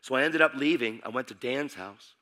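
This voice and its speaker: Bright-voiced man preaching his testimony. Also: medium pitch, brisk. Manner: urgent, vivid storytelling. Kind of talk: sermon testimony.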